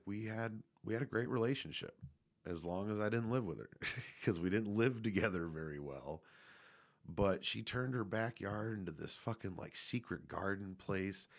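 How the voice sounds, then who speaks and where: A young man casually telling a rambling personal story, laid-back and swearing often. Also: sits low.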